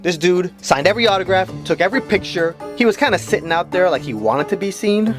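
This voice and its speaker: A man telling funny personal stories in an animated storytelling video, jokey and full of voice switches. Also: high voice, fast. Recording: voice-over with music bed.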